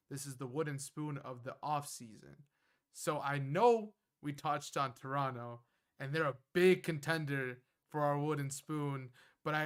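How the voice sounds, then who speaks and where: A man hosting a casual sports podcast, relaxed and slightly halting as he sets up a segment. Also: a little high. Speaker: podcast host.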